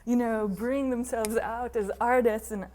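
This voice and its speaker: Slow-spoken Israeli woman dance teacher. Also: fairly high pitch, steady tone, darkish tone. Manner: slow, thoughtful, laughing often. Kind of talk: documentary interview.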